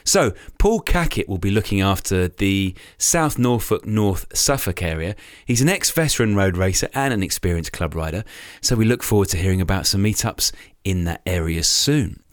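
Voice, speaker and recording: A man's voice: sits low, expressive, moderate pace, no room sound, studio quality. A man co-hosting a cycling podcast, reading club notices in an upbeat, chatty way. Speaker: podcast co-host. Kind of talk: casual chat.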